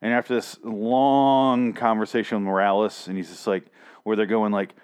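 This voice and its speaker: A young man with a voice going hoarse gives a profane, rambling, exasperated recap of a TV episode. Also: on the low side, level tone, moderate pace, darkish tone. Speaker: show recapper. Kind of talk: casual ranting recap.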